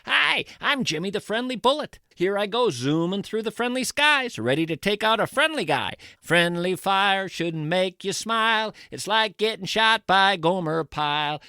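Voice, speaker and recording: A man's voice: high-pitched, animated, normal speed, hardly any pauses, bright, forceful tone, smooth, no echo, studio quality, heavily acted. A man voicing a cheerful male cartoon bullet who speaks in sing-song rhymes. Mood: chirpy.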